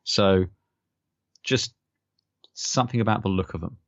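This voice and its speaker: Low-voiced man rambling on a podcast. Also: a little slow, no room sound. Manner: rambling, stammering restarts. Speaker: podcast co-host. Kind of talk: casual chat. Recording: dull lo-fi podcast mic.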